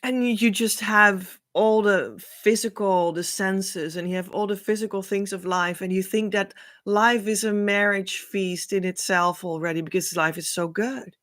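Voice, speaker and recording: A woman giving a heartfelt spiritual talk, earnest and rambling, often breaking into soft laughter. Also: medium pitch, fairly even intonation, a little slow, hardly any pauses. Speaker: spiritual teacher.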